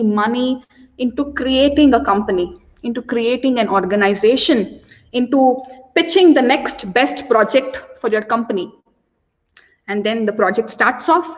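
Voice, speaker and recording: A woman's voice: fairly high pitch, moderate pace. A woman giving a conference talk as a story, acting out the quotes with feeling. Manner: animated, acts out quotes. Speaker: conference speaker. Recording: dull audio with long reverb.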